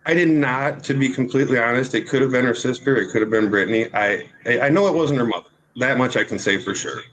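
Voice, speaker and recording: A man's voice: medium pitch, quick pace, a bit bright, a little hiss or hum, poor audio. A man testifying in a courtroom about a dispute with his neighbor, rambling and apologetic, with many fillers and restarts.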